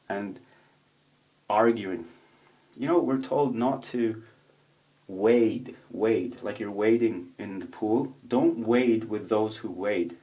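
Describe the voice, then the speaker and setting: A man talks straight to his camera at home in a loose, rambling monologue. His voice sits a little low. He swears freely and gets animated as he tells his stories. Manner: profane, rambling, animated storytelling. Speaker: vlogger. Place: home room with a roommate nearby.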